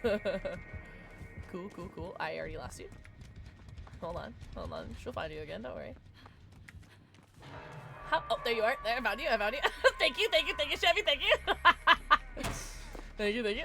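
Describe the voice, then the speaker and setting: A woman streaming a game live, chatting excitedly with viewers and her teammates and calling people love. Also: medium pitch, normal speed, creaky, long pauses, soft background music. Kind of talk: live gameplay commentary.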